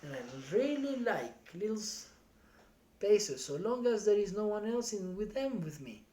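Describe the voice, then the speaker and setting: A streamer reading a novel aloud live in steady first-person storytelling. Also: mid-range voice, unhurried.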